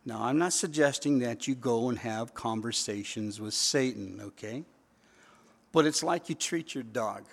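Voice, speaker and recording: A man's voice: medium pitch, a little slow, vocal fry. Guy preaching a sermon, chatty then punchy with repeated lines, big echoey hall. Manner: conversational preaching, rising to emphatic repetition. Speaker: pastor.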